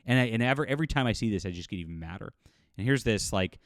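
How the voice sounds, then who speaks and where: A man's voice: lowish voice, expressive, very fast, dry recording, studio quality. A man hosting a commentary video, talking in an agitated, indignant rant with frequent restarts. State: livid. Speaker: commentary host. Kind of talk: angry commentary monologue.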